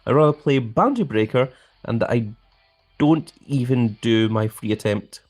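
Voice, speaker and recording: A man's voice: medium pitch, a little slow, a little mellow, soft background music. A man live-streaming a card game, chatting and reading viewer comments aloud.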